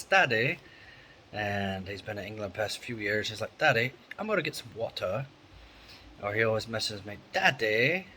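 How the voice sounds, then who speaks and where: A man's voice: on the low side, bright, forceful tone, a little hiss or hum, poor audio. A middle-aged man, talking casually and candidly to camera in a rambling vlog monologue from a room at home. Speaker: vlogger. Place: indoor room with an electric fan.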